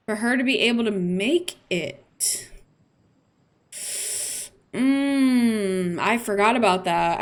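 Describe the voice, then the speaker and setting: A woman streamer with a fairly high voice, chatting playfully through casual gameplay commentary, with fillers and small asides. Faint music plays behind her.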